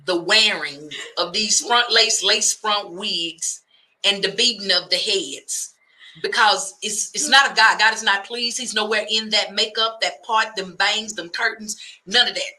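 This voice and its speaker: A woman radio host, doing an animated comic rant that slips into preacher-like cadences. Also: medium pitch, measured pace. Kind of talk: comedic talk radio rant.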